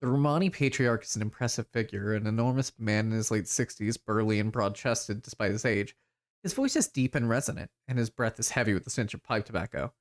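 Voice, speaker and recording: A man playing through a video game on stream, talking casually and reading its text aloud. His delivery is relaxed and a little hesitant, with pauses as he goes. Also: mid-range voice.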